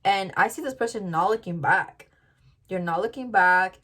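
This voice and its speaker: A woman's voice: mid-range voice, moderate pace, sharp tone. A woman giving a casual tarot reading to viewers, chatty and full of "like" fillers. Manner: chatty, lots of "like" fillers, addresses viewers directly. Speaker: tarot reader.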